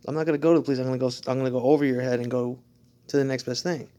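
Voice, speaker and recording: A man on a profane, defiant rant at unseen people, mocking them and laughing between lines, swinging from loud outbursts to muttered whispers. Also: mid-range voice, steady tone, rapid-fire. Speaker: drummer.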